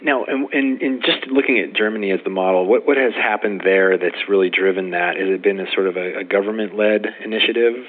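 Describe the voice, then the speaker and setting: A man's voice: on the low side, fairly quick, hardly any pauses, narrow, tinny audio, a little hiss or hum. A man hosting a podcast interview, chatty and friendly, with many fillers and restarts. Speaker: podcast host. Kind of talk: casual interview.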